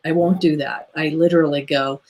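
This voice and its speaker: Woman, lowish voice, casual blunt co-host, says "literally" a lot, swears. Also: fairly even intonation, fairly quick, darkish tone, slight background noise. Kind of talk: casual chat.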